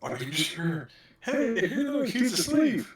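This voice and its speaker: A man's voice: sits high, very animated, slow pace. A man joining a game stream, teasing the host in casual banter. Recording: echoey, distant, noisy mic.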